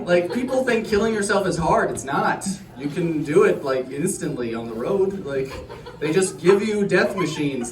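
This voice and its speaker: Rambling deadpan man on a club stage. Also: high voice, recorded from a distance. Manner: deadpan, rambling, self-deprecating. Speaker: stand-up comedian. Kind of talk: stand-up set. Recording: roomy club sound with crowd laughter.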